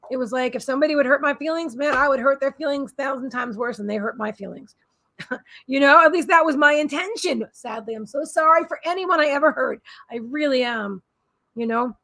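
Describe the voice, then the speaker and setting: Woman, high voice, psychic healer, live-streamed reading, rambling and repetitive, soothing. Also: creaky, fairly bright tone.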